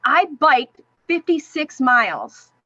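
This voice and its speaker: A woman's voice: sits high, slow, dry recording. A middle-aged woman, a podcast guest, telling an emotional personal story and acting out what others said to her. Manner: animated, acts out quoted voices. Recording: dull, dry sound.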